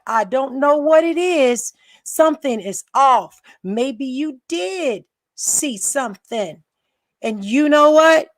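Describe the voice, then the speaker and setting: Angry woman ranting on a livestream. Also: on the high side. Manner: angry, blunt, profane, repeats herself. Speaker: livestream host. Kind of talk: heated livestream rant.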